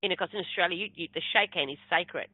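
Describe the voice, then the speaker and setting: A woman speaking as a spiritual medium, telling a personal story in a lively way and acting out the voices of people she quotes. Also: fairly low pitch, fast talker, breathy edge, no room sound. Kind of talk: storytelling talk. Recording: tinny phone-like sound.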